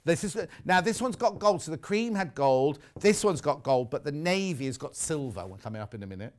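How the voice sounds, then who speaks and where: A man's voice: on the high side, expressive, fairly quick. A middle-aged man presenting fabrics on a live shopping show, chatty and teasing. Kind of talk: live sales presentation with chat.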